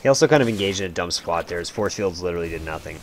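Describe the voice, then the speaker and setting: Laid-back low-voiced male co-host. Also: lively intonation, racing. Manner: laid-back, quiet, joking. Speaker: co-host asking questions. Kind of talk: casual game commentary.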